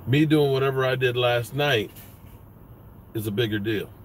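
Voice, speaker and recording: A man's voice: medium pitch, normal speed, slight background noise. A man hosting a sports vlog, ranting bluntly with lots of profanity. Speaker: sports vlogger.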